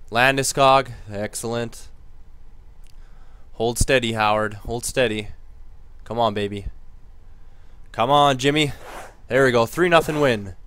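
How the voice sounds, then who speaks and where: In a smooth, dry recording, a man plays a hockey video game and offers relaxed commentary. He mumbles quietly between plays, then raises his voice to cheer.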